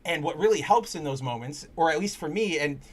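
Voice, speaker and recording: A man's voice: a little high, lively intonation, a little fast. A man hosting a casual comic book chat stream, rambling with frequent restarts, cursing freely and speaking candidly about personal matters. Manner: earnest and candid when personal. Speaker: podcast host.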